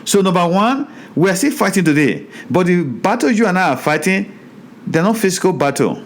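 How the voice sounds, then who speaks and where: A man teaching a Bible study in a sermon style, reading scripture aloud and preaching with animated, repeated phrases. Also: sits high. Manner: slows down over hard place names.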